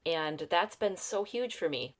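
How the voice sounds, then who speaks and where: A woman in her thirties, a guest on a parenting podcast, speaking earnestly and reflectively, slowing down to think aloud. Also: on the low side, expressive. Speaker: guest, parenting program client. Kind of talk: conversational interview.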